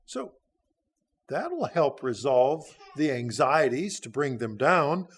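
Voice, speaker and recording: A man's voice: mid-range voice, sing-song, slow, breathy edge. A man in his sixties giving a sermon, teaching through a Bible passage in a folksy, conversational way with frequent hesitations. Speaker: church speaker.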